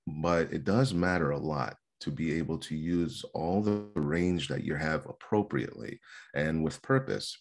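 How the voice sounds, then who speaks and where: A male speech instructor giving an earnest seminar lecture on vocal delivery, stressing points by repeating words. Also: extremely low pitch. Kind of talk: seminar lecture on public speaking.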